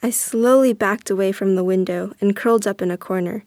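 A young woman reading a first-person story aloud as narrator, earnest and steady. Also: mid-range voice, normal speed, few pauses, dry recording.

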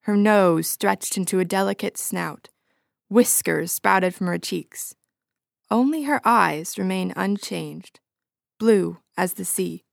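A woman reading a story aloud with expressive, dramatic narration. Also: medium pitch, slow, gravelly, dry recording, clean studio sound.

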